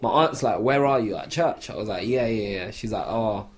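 A man's voice: lowish voice, a little fast, slightly rough. A man, telling a long story in a casual podcast chat, full of "like" fillers. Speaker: podcast co-host.

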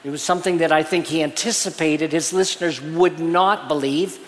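A male pastor preaches in an earnest, explaining way, backing up and restarting phrases as he works through his point. His voice sits a little high for a man. The sound carries the long reverb of a church hall. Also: fairly even intonation, moderate pace. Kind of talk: sermon. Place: church sanctuary.

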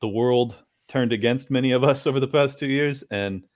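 A man's voice: medium pitch, normal speed, no room sound, studio quality. A man hosting a casual chat, sympathetic and thoughtful in his reply. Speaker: host.

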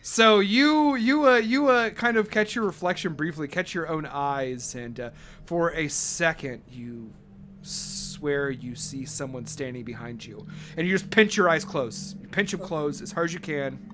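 A man's voice: fairly high pitch, expressive, unhurried, fairly bright tone, slight background noise. A man narrating as game master in a casual, rambling way with many fillers and some swearing.

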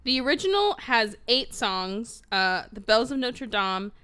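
A woman's voice: on the high side, very animated, measured pace, pushed and bright, clear, resonant tone. A woman hosting a casual podcast, sarcastic and swearing freely. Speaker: podcast host.

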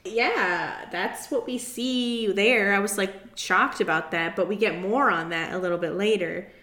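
A young woman co-hosting a casual podcast, chatty and quick to laugh, acting out quotes. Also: medium pitch, bright, forceful tone. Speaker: podcast co-host. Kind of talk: casual chat recapping a reality show. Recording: roomy echo.

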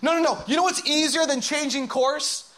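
A man preaching a sermon, swinging between loud, urgent calls and hushed whispers as he acts out inner voices. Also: very high voice, fairly even intonation, moderate pace. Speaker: pastor.

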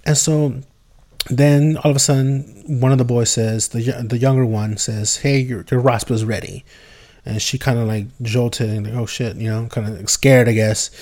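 A man hosts a podcast and retells an eerie tale in a casual, meandering way. He is full of "you know" and "like" and often restarts his sentences. His voice sits at an ordinary middle pitch. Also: fairly even intonation, normal speed, darkish tone. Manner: rambling, full of fillers and restarts. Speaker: podcast host. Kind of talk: casual storytelling.

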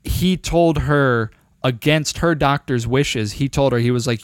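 A young man co-hosting a podcast, telling a long, profane, animated story in casual chat. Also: medium pitch, normal speed, dry recording, studio quality. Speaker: podcast co-host.

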